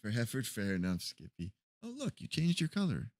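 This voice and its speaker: A man's voice: fairly low pitch, wildly swooping pitch, a little fast, no room sound, clean studio sound. A man streaming a roleplay game, chatting casually and animatedly to his viewers, laughing often.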